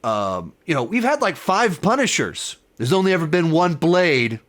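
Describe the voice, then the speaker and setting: A man's voice: on the high side, very animated, normal speed, fairly bright tone. A man hosting a casual spoiler review, talking with enthusiasm in a rambling way and often correcting himself mid-sentence. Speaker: film review host.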